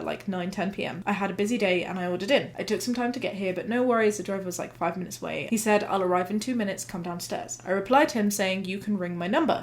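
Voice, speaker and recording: A young British woman hosting a show, reading forum posts aloud and giving her casual verdict with frequent laughs. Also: mid-range voice. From Britain. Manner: chatty and animated, laughs often, swears casually. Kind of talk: casual commentary.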